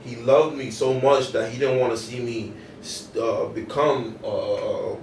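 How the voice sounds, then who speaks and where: A man's voice: mid-range voice, fairly even intonation, unhurried, darkish tone, far from the mic. A young man, a podcast co-host, talking casually in loose street slang with many restarts. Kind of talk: casual chat. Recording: roomy, off-mic, faint noise.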